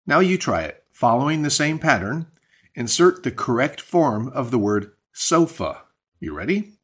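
A man's voice: mid-range voice, sing-song, moderate pace, slightly rough. A man hosting a scripted podcast language lesson, explaining patterns step by step with spoken examples. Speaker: language teacher and podcast host.

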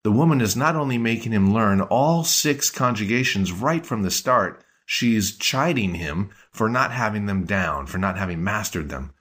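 A man teaching a language lesson in a measured, explanatory way. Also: on the low side, animated, a bit bright, husky. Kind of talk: scripted lesson narration.

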